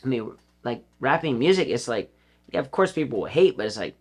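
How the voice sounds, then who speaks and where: A man's voice: medium pitch, big pitch swings, fast talker, darkish tone. A middle-aged man guesting on a podcast, talking in a rambling, casual way with frequent swearing, restarts and laughs. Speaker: guest, former pro skater. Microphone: podcast studio mic.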